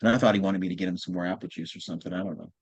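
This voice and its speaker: A man, a guest on a podcast, telling a personal story in a quiet, heartfelt, reflective way. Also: low voice, fairly even intonation, racing, breathy edge, no echo. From United States.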